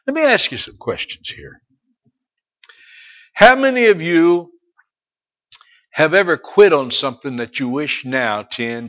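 Preaching as pastor, a middle-aged man with a voice on the high side moves from soft asides to loud, slow exhortations. He calls out to individual listeners by name.

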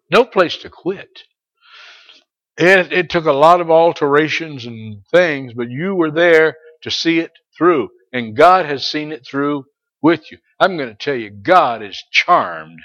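A middle-aged man preaching a sermon as pastor, dropping to soft asides and rising to loud, slow exhortations, and calling out to listeners by name. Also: medium pitch, highs cut off.

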